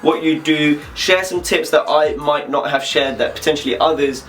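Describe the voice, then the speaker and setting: A man's voice: on the high side, moderate pace. Young man, chatty vlog. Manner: relaxed, chatty, swears casually. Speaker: vlogger. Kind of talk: casual tutorial vlog.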